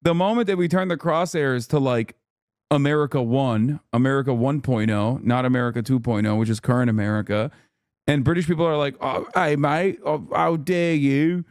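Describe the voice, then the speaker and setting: A man's voice: mid-range voice, fairly quick, darkish tone, no room sound, studio quality. A man streaming casual reaction commentary in a sarcastic, rambling way. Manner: sarcastic, rambling, riffing on chat.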